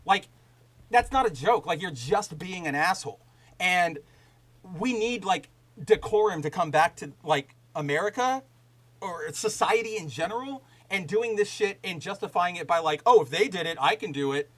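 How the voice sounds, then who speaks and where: Guy with a highish voice hosting a podcast, rambles a lot, swears a bunch when he gets going. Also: moderate pace, rough recording. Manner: animated, profane ranting; loose, rambling with fillers and restarts. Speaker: podcast host. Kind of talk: casual chat with live chat.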